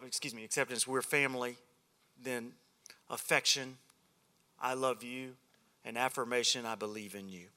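Male preacher joking about himself, punchy bright tone, funny sermon to a men's group. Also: mid-range voice. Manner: self-deprecating, joking storyteller. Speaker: guest preacher at a men's ministry. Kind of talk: humorous sermon.

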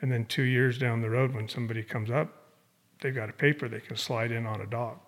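A man appears as a guest on a casual interview podcast. He tells his stories in an animated way and often lifts his voice. His pitch sits in the middle of the male range. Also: a little fast. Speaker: guest, amateur dog trainer.

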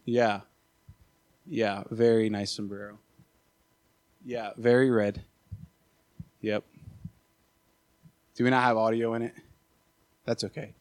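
A young man preaching, telling a personal story in an animated way, with many filler uhs and repeated words. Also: mid-range voice. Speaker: associate pastor. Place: church sanctuary.

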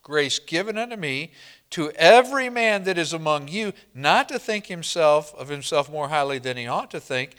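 A man preaching a sermon to a congregation, slow and emphatic, often asking the room questions and answering them. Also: a little high, expressive, fairly bright tone, clean tone. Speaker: pastor.

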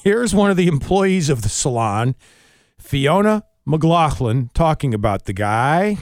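Male morning radio host, animated newsreader delivery, dry close studio mic. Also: fairly high pitch, no room sound. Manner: lively, quick newsreader delivery with chuckles. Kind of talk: radio show banter and sports news reading. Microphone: studio microphone.

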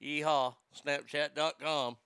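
Male host, casual rambling chat, stammers and swears, smooth resonant voice. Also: a little high, level tone, slow pace, pushed and bright, no echo. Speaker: show host.

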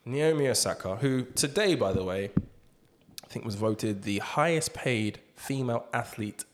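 A man's voice: mid-range voice, expressive, normal speed, background noise. A man hosting a podcast, chatting casually, swearing, and joking as he reads out statements. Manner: profane, joking, mock-reads quotes. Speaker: podcast host. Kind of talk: casual chat.

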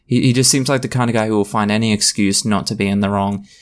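A man's voice: fairly low pitch, fairly even intonation, fast talker. A man hosting a solo podcast, talking in a blunt, passionate, ranting way. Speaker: podcast host.

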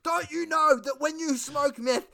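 Brash crude Aussie footballer, loud and high, rambling excitedly, put on by a man. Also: measured pace, gravelly, full character voice. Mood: boastful. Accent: Australian.

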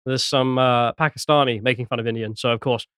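A man's voice: medium pitch, fairly even intonation, a little fast, fairly bright tone, clear, resonant tone, no echo, clean studio sound. A man hosting a casual podcast chat, laughing often and reading posts aloud. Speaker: podcast host.

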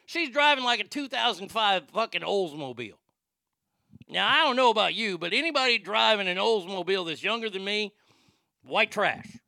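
A man's voice: high voice, expressive, moderate pace, vocal fry, pushed and bright, dry recording, clean studio sound. A man telling a crude, rambling, mocking story in a casual rant. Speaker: storyteller and prank caller.

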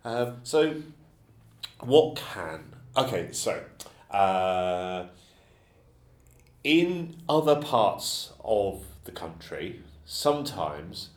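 Very low-voiced hesitant male host. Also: very animated, drawn-out words, pauses often. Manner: hesitant, rambling questions with many fillers. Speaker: podcast host. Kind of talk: casual podcast interview. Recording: echoey room.

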